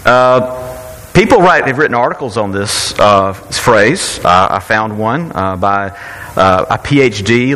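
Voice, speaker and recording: A man's voice: medium pitch, pushed and bright, in a large hall, rough recording. A man giving a sermon as pastor, conversational and joking, often restarting his phrases. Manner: conversational, self-correcting, playful asides.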